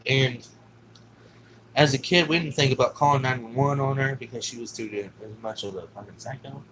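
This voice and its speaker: A man's voice: mid-range voice, brisk, fairly bright tone, a little hiss or hum, rough recording. A man telling a personal story in a casual, rambling way, swearing often and filling gaps with "you know what I'm saying.". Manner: rambling, profane, with many fillers.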